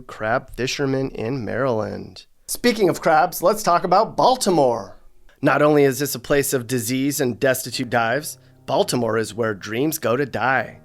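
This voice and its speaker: A man hosting a comedic scripted narration, slipping in dry, sarcastic deadpan asides. His voice sits at an ordinary middle pitch with faint music underneath. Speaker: host.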